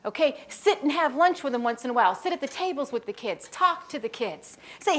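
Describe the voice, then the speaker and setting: A woman's voice: high voice, lively intonation, quick pace, fairly bright tone, a little hiss or hum. A woman speaker giving a humorous keynote talk to educators, joking and acting out little scenes as she goes. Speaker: school behavior consultant and keynote speaker.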